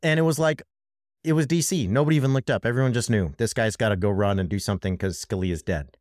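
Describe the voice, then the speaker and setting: A man's voice: fairly low pitch, fast, a little mellow, dry recording, studio quality. A man co-hosting a podcast, talking through politics in an impassioned, emphatic way and speaking straight to his co-host. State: worked up. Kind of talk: casual political commentary.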